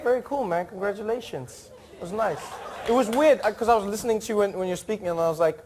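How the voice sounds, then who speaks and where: A man's voice: high voice, quick pace, darkish tone, a faint crowd. A man, a comedian host, joking animatedly with a live studio audience and slipping into funny accents. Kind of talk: improvised crowd work.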